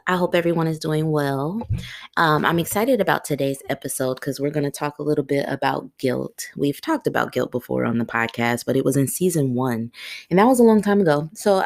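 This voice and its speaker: Woman in her 30s doing a solo podcast, deep voice with lots of fry, says y'all a lot. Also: no room sound, clean studio sound. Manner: chatty, candid, addresses listeners as y'all. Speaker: podcast host. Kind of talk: casual solo podcast talk.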